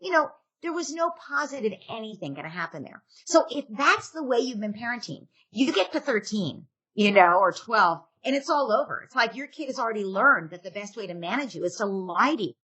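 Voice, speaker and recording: A middle-aged woman speaks as a parenting expert in a podcast interview. Her voice is bright, fairly high and a little husky. She is animated and slips into quick acted lines of parents and kids. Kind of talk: podcast interview, casual advice.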